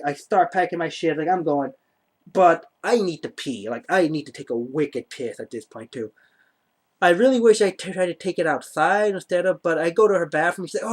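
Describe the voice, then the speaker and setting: Guy with a higher voice rambling through a wild date story, swears a lot, says like constantly. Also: expressive, a little fast. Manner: rambling, profane, heavy use of "like". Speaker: vlogger. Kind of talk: casual storytelling to camera.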